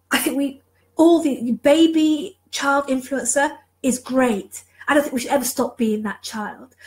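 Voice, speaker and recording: A woman leadership mentor delivers a passionate motivational talk live to viewers, clearly emotional and moved, repeating phrases for emphasis. Her voice is high-pitched with a darkish tone, and the recording is rough.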